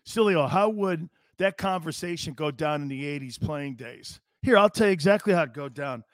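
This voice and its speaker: A man's voice: fairly high pitch, expressive, normal speed, no room sound, clean studio sound. A man in his fifties hosting a live sports talk show, ranting in a brash, sarcastic and blunt way.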